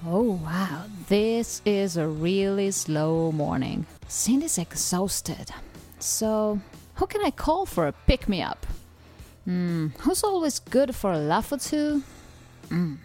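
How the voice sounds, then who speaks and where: Woman host, slow and very expressive, cheery and teasing. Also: mid-range voice, faint music behind. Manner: cheerful and teasing, laughs often. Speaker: podcast host. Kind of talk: scripted English-lesson dialogue.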